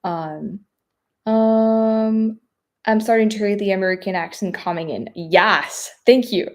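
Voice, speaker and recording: Slow-talking French-accented woman. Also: mid-range voice, soft background music. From France. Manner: hesitant, many fillers, soft trailing asides. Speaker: travel vlogger. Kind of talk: live stream chat reading viewer questions.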